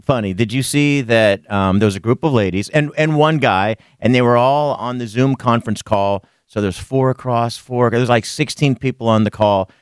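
Male radio host, mid pitch, animated storyteller, close dry mic. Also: normal speed, few pauses, clear, resonant tone, no room sound. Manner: animated storyteller, acts out quotes. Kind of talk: morning radio banter.

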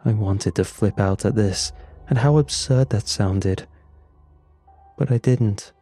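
A man narrating a first-person horror story in a slow, somber, scripted telling. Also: on the low side, mellow, soft background music.

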